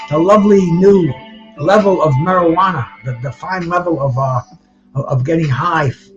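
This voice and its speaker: Guy rambling on his live boxing stream, kinda high voice, dull lo-fi sound w faint music behind. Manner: rambling, greets chat viewers by name; restarts and repeats words often. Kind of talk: casual live-stream chat.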